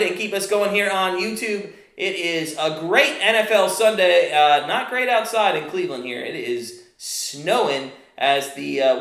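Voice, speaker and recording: Bright-voiced man calling plays in an echoey room. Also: a little high. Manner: chatty, stumbling over names with fillers and restarts. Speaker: play-by-play host of a watchalong stream. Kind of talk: live play-by-play commentary.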